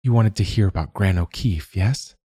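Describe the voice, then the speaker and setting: A man's voice: fairly low pitch, normal speed, husky, no room sound, studio quality. A man voicing a young witch woman who murmurs tenderly and soothingly. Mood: gentle. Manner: soft murmuring.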